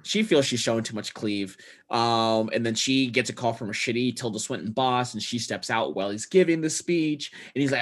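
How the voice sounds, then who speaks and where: A man's voice: mid-range voice, normal speed. A man co-hosting a podcast, recapping a movie in rambling, profane casual chat full of fillers and restarts. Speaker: podcast co-host.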